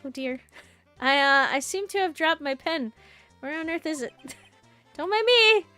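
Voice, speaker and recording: A woman's voice: sits high, expressive, measured pace, bright, forceful tone, dry recording, soft background music, heavily acted. A woman voicing a fussy, flustered elderly male judge who dithers.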